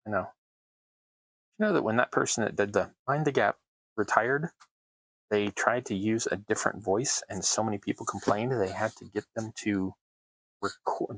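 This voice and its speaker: A man's voice: lowish voice, dry recording, rough recording. A man hosting a crafting livestream, chatting casually while he works, with wry, self-deprecating asides. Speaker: terrain crafting livestream host.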